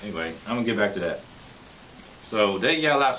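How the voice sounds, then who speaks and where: A man's voice: lowish voice, animated, a little fast. A man giving a rambling, opinionated vlog monologue, mocking and laughing often as he talks. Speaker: vlogger. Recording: dull lo-fi recording with faint hiss.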